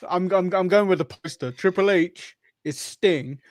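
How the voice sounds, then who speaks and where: This man has an English accent and is co-hosting a casual podcast chat. His voice sits a little high. He chuckles a lot and often stumbles and restarts his sentences. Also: unhurried. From England. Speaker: podcast co-host. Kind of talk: casual watch-along chat.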